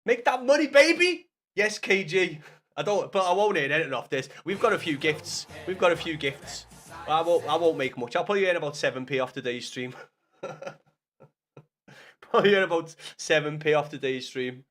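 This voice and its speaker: A man's voice: on the high side, a little fast. A young man from Liverpool with a Scouse accent, chatting casually and swearing as he banters with his live-stream viewers. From Liverpool, England. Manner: sweary, banters with chat by name, gets loud and excited. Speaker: football streamer.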